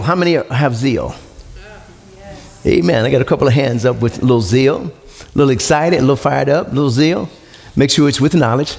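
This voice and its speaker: A man preaching a sermon to his congregation, calling out questions and rising to shouts. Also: mid-range voice, lively intonation, normal speed, gravelly, long pauses. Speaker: pastor. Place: church sanctuary with congregation.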